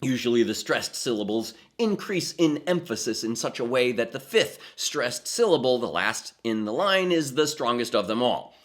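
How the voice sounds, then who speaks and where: A man giving scripted, explanatory narration as a theatre presenter, with a deliberate, emphatic storytelling cadence. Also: mid-range voice, sing-song.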